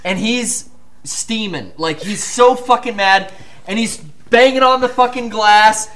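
A man's voice: high-pitched, a little slow, fairly bright tone. A man in casual conversation, adding details to a shared story, laughing and swearing. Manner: laughs often, swears, chimes in.

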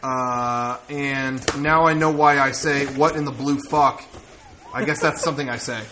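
A man's voice: medium pitch, steady tone, a little slow, background noise. A man co-hosting a podcast, casually reading fan letters aloud and handing out gifts to the group. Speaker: podcast co-host opening fan mail.

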